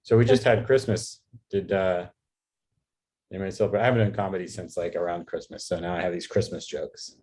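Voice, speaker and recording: A man from New York doing a rambling stand-up set over a video call, halting with many fillers and restarts. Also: sits low, steady tone, a little mellow. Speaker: stand-up comedian.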